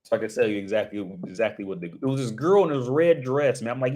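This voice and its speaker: A man chatting casually on a livestream, rambling with lots of filler words and swearing, breaking into excited outbursts. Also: mid-range voice, fast talker. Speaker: streamer.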